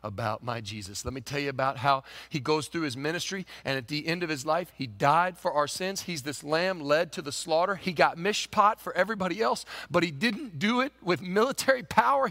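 A male pastor delivering a sermon in a high, bright, ringing voice. His pitch leaps all over the place as he moves from near-whispered passages up to shouted climaxes. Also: lively intonation, brisk, few pauses, no room sound. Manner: swings from hushed to shouted, very dynamic.

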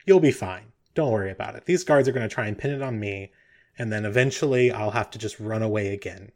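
A man's voice: fairly low pitch, fast talker, close to an everyday voice. A man voicing a chirpy, flippant young female monster creature in a tabletop game, with a breezy, teasing manner.

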